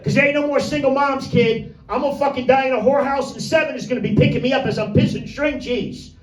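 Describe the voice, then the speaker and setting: This stand-up comedian has a very high, steady-toned voice and speaks fast. Addressing a small crowd in a little comedy room, he delivers a crude, rambling, vulgar set full of brash crowd asides. Echo fills the room and the mic is far away.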